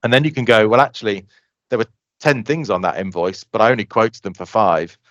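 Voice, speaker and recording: A man, a guest on a podcast, explaining his software eagerly and acting out customers' lines. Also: on the low side, no room sound, dull audio. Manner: fast, animated explaining, acts out customer quotes. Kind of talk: casual podcast interview.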